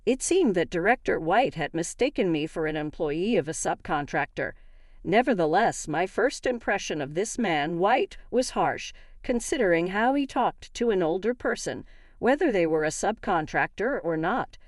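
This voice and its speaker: A woman giving a scripted first-person story narration in a measured storytelling manner. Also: lowish voice, animated, dry recording, clean studio sound.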